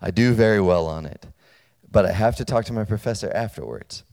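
A man preaching to college students, talking casually and checking in with them, and getting loud and animated as he tells a personal story. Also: lowish voice, brisk, creaky. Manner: conversational, storytelling, checks in with listeners; grows loud and animated when telling a story. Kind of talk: sermon. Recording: long hall reverb.

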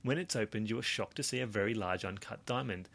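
A man's voice: fairly low pitch, fast, creaky, fairly bright tone. A man reading a gamebook aloud to friends in a playful, chuckling way. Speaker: reader running the game book.

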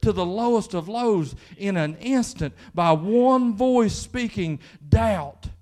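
A man's voice: high-pitched, expressive, slow, darkish tone. A man with a Kentucky accent, preaching a sermon in church in a conversational style that rises into fervent emphasis. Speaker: pastor.

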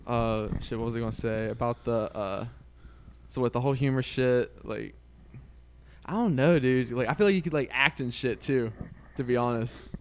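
A man hosting a podcast talks loosely and casually. He swears freely and reacts quickly to his guest. His voice is middle-pitched. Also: smooth. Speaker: podcast host. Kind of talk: casual chat.

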